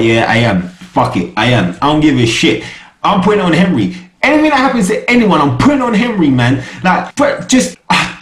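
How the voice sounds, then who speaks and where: Slangy young man reviewing, echoey room. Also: mid-range voice. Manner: slangy, animated, keeps asking "you get me?". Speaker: TV show reviewer. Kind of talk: casual review chat.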